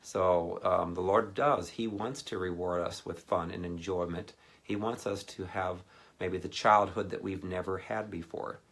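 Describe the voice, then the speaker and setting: A man's voice: low voice, a little slow, gravelly, slightly rough. A man giving a casual, rambling sermon, telling a personal anecdote and acting out what others said. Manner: rambling anecdotal delivery with animated quoted voices. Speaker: ministry speaker.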